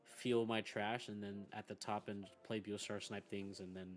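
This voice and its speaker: A young man with a low voice rambles through a casual chat, swearing freely and laughing often. Faint music plays behind him. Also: little pitch movement, moderate pace. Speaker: team member on a gaming podcast.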